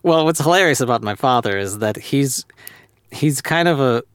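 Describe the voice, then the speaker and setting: A man's voice: mid-range voice, animated, normal speed, clear, resonant tone, no room sound, studio quality. A young man telling a school story in casual chat, hesitant with many restarts. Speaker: storyteller recalling school days.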